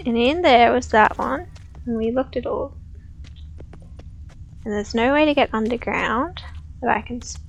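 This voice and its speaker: A woman live-streaming a video game, chatting casually in a soft-spoken way and cooing fondly at her dogs. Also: a little high, unhurried, vocal fry, pauses often, lo-fi sound.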